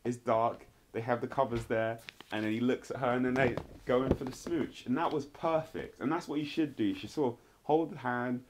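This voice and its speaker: A man's voice: medium pitch, steady tone, a little fast, hardly any pauses, background noise. A man casually reviewing a TV episode, rambling and filling his talk with "like" and "sort of". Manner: rambling, heavy use of "like" and "sort of". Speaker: TV show reviewer.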